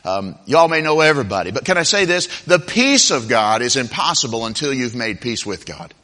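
A man preaching a sermon with fervor, moving from loud declarations to soft confiding tones. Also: mid-range voice, sing-song, brisk. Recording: long hall reverb.

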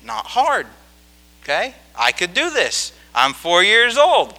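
A man delivers a sermon as a folksy personal story, his fairly high voice leaping up and down in pitch. His tone is sharp and bright, and he keeps pausing to check in with his listeners. The telling is animated and conversational. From rural farm upbringing. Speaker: preacher.

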